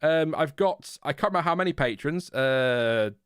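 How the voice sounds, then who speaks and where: A fairly high, expressive, smooth voice at normal speed, with a fairly bright tone, belongs to a British man hosting a live-stream watchalong in a home room. He's chatty, laughs a lot and makes fun of himself. Headphones and a desk mic yield clean studio sound with no room sound.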